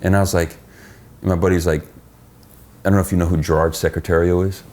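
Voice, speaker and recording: A middle-aged man, a podcast guest, telling stories in casual chat, profane and animated as he acts out what people said. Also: low voice, fairly quick. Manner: profane, animated storyteller acting out quoted dialogue.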